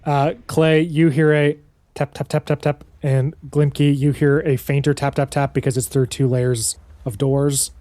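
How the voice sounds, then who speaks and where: Relaxed man narrating as game master. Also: on the high side, a little slow, no room sound. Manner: casual, loose narration. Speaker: dungeon master.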